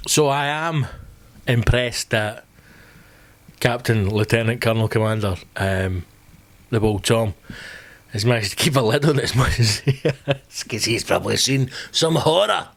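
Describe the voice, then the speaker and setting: A man's voice: mid-range voice, normal speed, gravelly, long pauses, fairly bright tone. A Scottish man hosting a podcast, ranting in a sweary, rambling comic way. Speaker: podcast host. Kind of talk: comedic podcast rant.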